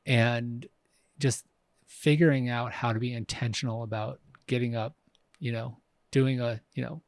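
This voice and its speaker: Recorded dry with studio quality, a man in his fifties speaks at a measured pace in a medium pitch with fairly even intonation. As a podcast co-host in casual conversation, he's reflective, with frequent restarts and fillers.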